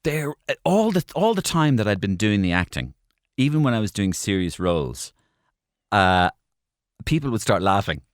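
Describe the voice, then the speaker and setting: Man in his forties, low voice, lively anecdotes, radio studio guest, dry close sound. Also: normal speed, no echo. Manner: animated storyteller, repeats phrases. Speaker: guest comedian. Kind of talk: radio interview storytelling.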